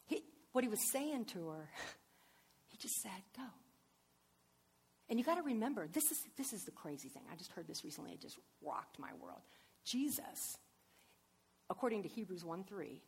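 A woman giving a sermon, telling a Bible story in an animated way that swings between hushed, tender passages and loud, excited ones. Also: mid-range voice, moderate pace, pauses often, breathy edge. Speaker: preacher.

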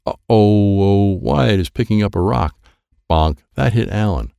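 Animated, gravelly male storybook narrator. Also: fairly low pitch, moderate pace, no echo, studio quality. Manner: animated, playful sound effects. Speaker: audiobook narrator. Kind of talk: reading a children's chapter book.

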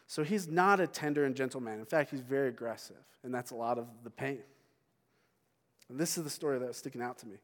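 A middle-aged man preaching a sermon as pastor, telling a personal story with halting restarts and sounding tearful. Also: medium pitch. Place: church sanctuary. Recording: long hall reverb.

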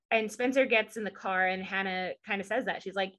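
Southern woman cohosting a podcast, mid pitch, chatty, laughs a lot, lots of "like"s. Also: brisk. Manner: chatty and animated, laughs often, leans on "like" and "um". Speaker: podcast co-host. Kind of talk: casual chat, recapping a TV show.

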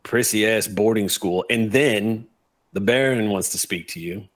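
A man's voice: on the low side, a little slow. A man voicing a crude, nosy male Redcap fae who swears freely and pries bluntly, in a tabletop role-play. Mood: sardonic.

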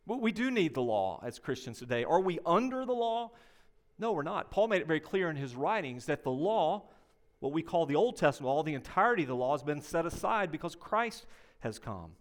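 An older man preaching a sermon, animated and conversational, telling anecdotes and addressing the congregation directly. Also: a little high, brisk. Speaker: pastor.

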